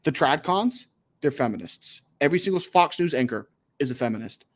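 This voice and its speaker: A man's voice: mid-range voice, animated, a little fast. A man hosting a livestream, chatting casually in a rambling way full of crude jokes. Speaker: livestream host.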